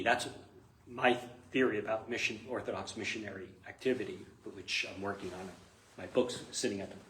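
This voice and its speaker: A man's voice: medium pitch, fairly bright tone. A man, a priest, teaching a parish class in a casual, chatty way, laughing often and telling stories. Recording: echoey room, live stream.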